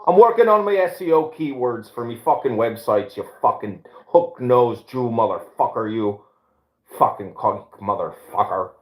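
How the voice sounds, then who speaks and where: A man's voice: mid-range voice, expressive, moderate pace, close to an everyday voice. A man putting on a furious, foul-mouthed Northern Irish man who rants abuse, recorded in an echoey room. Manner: ranting, shouting abuse. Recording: roomy echo.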